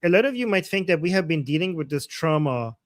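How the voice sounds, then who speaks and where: A man's voice: on the high side, lively intonation, quick pace, no echo, clean studio sound. A man from Iran, a livestream guest, speaking emphatically and repeating his key points. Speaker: guest, channel owner. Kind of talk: livestream conversation.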